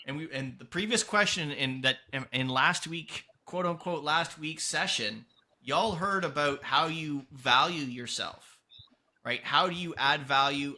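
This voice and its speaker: A man's voice: medium pitch, pushed and bright. A man hosting a podcast, giving earnest, emphatic motivational advice in a casual tone and swearing now and then. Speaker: podcast host and coach.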